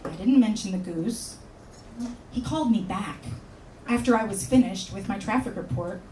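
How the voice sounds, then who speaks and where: A woman from California performing a stand-up comedy set on a club stage, with wry, deadpan asides and sudden high exclamations. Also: normal speed, a little hiss or hum. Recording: roomy club sound from far off.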